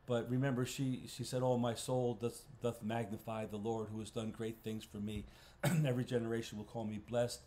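A man, a pastor, teaching a Bible study in a conversational way, clearing his throat often and restarting phrases. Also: mid-range voice, level tone, moderate pace, mellow, slight background noise. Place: church. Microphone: livestream recording.

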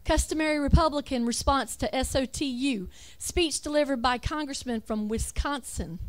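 At a normal speed and in a high voice, a woman gives a forceful religious presentation accompanied by slides. She asks rhetorical questions, reads out lists, and stops to correct herself.

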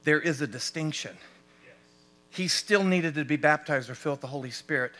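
An American-accented male pastor delivers an animated sermon, firing rhetorical questions at his congregation. His voice sits on the high side and he moves at a brisk clip.

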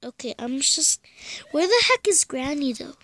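A woman's voice: high voice, sing-song, moderate pace, a bit bright, dry recording. A young woman commenting on a horror game from her bedroom, pleading and often dropping to a scared whisper. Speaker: gamer. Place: bedroom at home.

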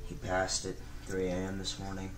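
A man voicing a laid-back male friend who breaks sad news in a calm, offhand way. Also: sits low, moderate pace, recorded from a distance, a little hiss or hum, pitched below the performer's own voice, lightly acted, rough recording. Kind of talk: comedy skit voice acting.

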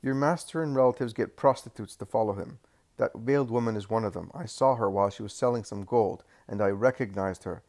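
A man's voice: fairly low pitch, brisk, darkish tone, lightly acted. A man voicing a bombastic, arrogant temple scribe who speaks pompously. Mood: accusing.

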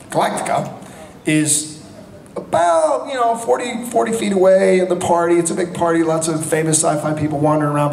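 A man in his fifties, a convention panel guest, telling animated, joking anecdotes full of restarts and laughter. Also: fairly high pitch. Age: 50s. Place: large convention hall. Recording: echoey hall with crowd ambience.

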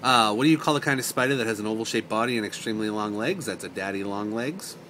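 A man with a mild Boston accent reads through a word list in a relaxed, chatty way, now and then stopping to explain a word. His voice sits fairly low. A faint hiss of room noise runs underneath. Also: fast. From north of Boston. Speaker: vlogger. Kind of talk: casual word-list reading.

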